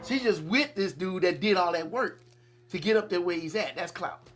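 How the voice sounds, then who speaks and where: A woman's voice: on the low side, animated, normal speed, a little hiss or hum. A woman co-hosting a casual talk show, blunt and emphatic, swearing freely. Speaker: podcast co-host. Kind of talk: casual chat.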